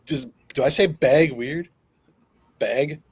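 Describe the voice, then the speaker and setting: A man's voice: on the high side, takes it slowly, breathy edge. A man with a Wisconsin accent, co-hosting a casual podcast in a laid-back, joking way. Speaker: podcast co-host. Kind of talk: casual bar-style chat.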